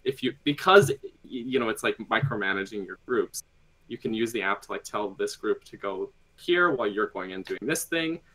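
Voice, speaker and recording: A man's voice: on the low side, animated, normal speed, fairly bright tone, low-quality recording. A man chatting on a gaming podcast, rambling with lots of fillers and little laughs. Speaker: podcast guest. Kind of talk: casual podcast chat.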